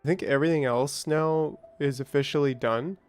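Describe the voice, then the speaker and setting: Easygoing streamer guy, chatty and rambling, smooth clear voice a touch high, faint music under him. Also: normal speed, darkish tone. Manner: rambling, chatty, greets viewers by name. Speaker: gaming streamer. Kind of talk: casual let's-play commentary.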